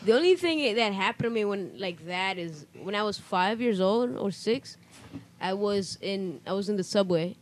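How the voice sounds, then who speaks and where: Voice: mid-range voice, expressive, moderate pace, a little hiss or hum. A co-host from Argentina in a casual chat, asking friends follow-up questions. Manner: chatty, asks follow-up questions.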